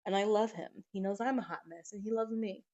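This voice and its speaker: A woman hosting a podcast, telling family stories in a casual, animated way and swearing freely. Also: medium pitch, fairly quick, lo-fi sound. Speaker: podcast host. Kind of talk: casual storytelling monologue. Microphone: podcast microphone.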